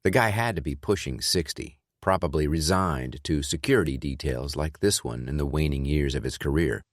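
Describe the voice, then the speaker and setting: Male narrator, thriller audiobook, very deep voice, dry booth, measured delivery. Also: no room sound. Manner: measured, even reading. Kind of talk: scripted narration.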